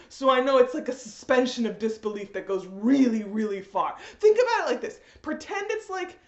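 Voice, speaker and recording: A woman reviewing an anime episode in a casual vlog, in an animated, rambling fan rant. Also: on the high side. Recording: echoey room, dull lo-fi audio.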